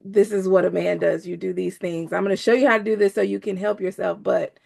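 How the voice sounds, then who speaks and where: Woman with some vocal fry joking around about a romance book, expressive. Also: mid-range voice. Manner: expressive, playful, quick quips. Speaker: book club co-host. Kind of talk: casual book chat.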